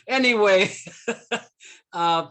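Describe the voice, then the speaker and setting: A man's voice: sits high, pushed and bright. A man giving jovial, earnest remarks at a club meeting. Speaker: club member.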